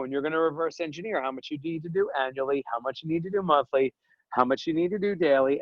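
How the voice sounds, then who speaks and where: A man's voice: on the high side, dry recording, lo-fi sound. Joking, rambling male coach. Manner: energetic, joking, rambling with slang asides. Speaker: podcast guest, dental business coach and author. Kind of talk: casual podcast conversation.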